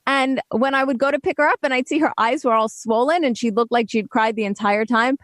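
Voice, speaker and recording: A woman's voice: a little high, brisk, fairly bright tone, no echo, clean studio sound. A woman hosting a parenting talk show, chatting earnestly and reassuringly about her daughter. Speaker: radio show host.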